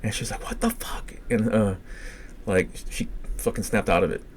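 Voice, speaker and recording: A man's voice: lowish voice, moderate pace, slight background noise. A man with a Cajun accent telling rambling, profane personal stories on a casual podcast. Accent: Cajun English. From Louisiana. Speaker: podcast co-host.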